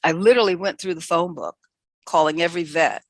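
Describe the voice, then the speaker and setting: An older woman from New York City shares career stories in a conversational interview. Her voice has a slight gravelly texture. She recorded close to the mic in a dry space, and she tells her stories animatedly, full of quoted exchanges. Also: lowish voice, fast talker, dry recording. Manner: animated, self-correcting anecdotes with quoted dialogue. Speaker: veterinarian guest. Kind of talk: candid conversational storytelling.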